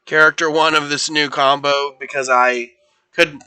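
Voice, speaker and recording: A man's voice: fairly high pitch, steady tone, moderate pace, bright, forceful tone, clear, resonant tone. A young man streaming, improvising fan fiction in a rambling, playful way that keeps correcting itself. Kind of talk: casual improvised storytelling.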